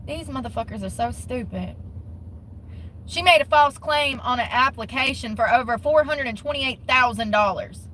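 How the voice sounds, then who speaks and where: A woman's voice: a little high, normal speed, bright, forceful tone, a little hiss or hum, poor audio. A woman giving casual commentary on the news in a blunt, profane, mocking way. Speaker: commentary vlogger.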